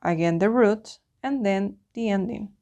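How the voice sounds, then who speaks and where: A woman's voice: medium pitch, unhurried, warm tone. Patient woman teaching an online lesson. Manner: patient, explains step by step, often checks with "okay?". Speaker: Spanish teacher.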